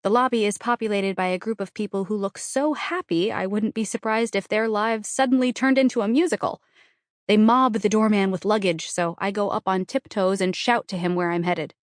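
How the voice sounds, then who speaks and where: A woman reads a first-person novel in a wry, conversational way, tossing off self-deprecating asides. Her voice sits at an ordinary mid pitch, and the studio recording is dry and close. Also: steady tone, fairly quick, no echo. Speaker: audiobook narrator.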